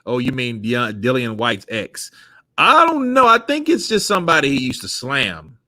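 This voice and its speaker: A man hosting a casual boxing talk who is animated, laughs often and swears freely. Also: mid-range voice, moderate pace, dry recording, clean studio sound. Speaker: host. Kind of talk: casual chat.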